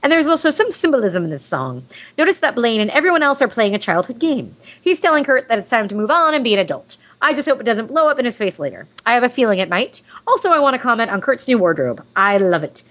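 A woman's voice: on the high side, sing-song, fast, fairly bright tone. A woman hosting a podcast, chatting casually and gushingly, with jokey asides. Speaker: podcast host reading listener mail. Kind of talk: casual fan chat. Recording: dull lo-fi sound.

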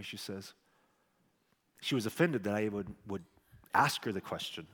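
A man, a pastor, giving a sermon testimony as an animated storyteller who swings from hushed tones to near shouting. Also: on the low side, normal speed. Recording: long hall reverb.

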